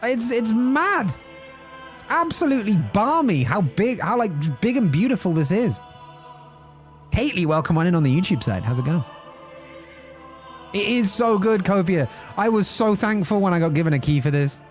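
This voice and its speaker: A man's voice: high-pitched, big pitch swings, normal speed, pauses often, soft background music. A young man, chatting playfully as he streams gameplay and greets viewers. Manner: playful, chatty, jokes and laughs often. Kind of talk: live-streamed gameplay commentary.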